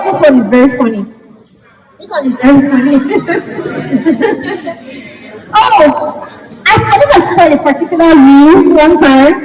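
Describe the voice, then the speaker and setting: A woman with a Nigerian accent giving a classroom lecture, chatty and asking the class questions. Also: sits high. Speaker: university lecturer. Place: lecture hall. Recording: echoey hall with faint ambience.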